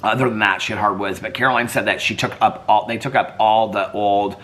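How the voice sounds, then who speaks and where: A man's voice: on the low side, steady tone, fairly quick, a bit bright. A man vlogging in casual chat, rambling and filling his talk with "like". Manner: rambling, heavy use of "like".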